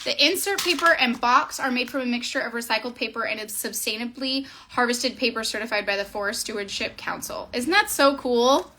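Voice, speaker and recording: Bright, bubbly high-voiced woman vlogger. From Southern California. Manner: bubbly, chatty, gushing, quick asides. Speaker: nail tutorial vlogger. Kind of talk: casual chatty tutorial. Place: home desk area, indoors. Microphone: camera on tripod.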